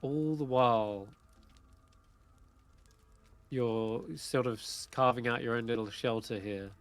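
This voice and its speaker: A man narrating a tabletop role-playing game as game master, descriptive and measured, with small hesitations. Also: medium pitch, faint music behind.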